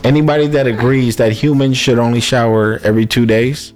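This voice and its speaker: A man's voice: mid-range voice, steady tone, a little fast, darkish tone, faint music behind. A man co-hosting a radio podcast in casual chat, laid-back and reading listener comments aloud with emphasis. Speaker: podcast co-host. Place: podcast studio.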